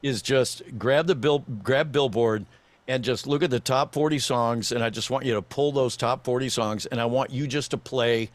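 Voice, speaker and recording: A man in his sixties, a voice actor and former radio DJ, telling a story as a podcast guest in an animated way, chuckling and slipping into other voices. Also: mid-range voice, dry recording. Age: 60s.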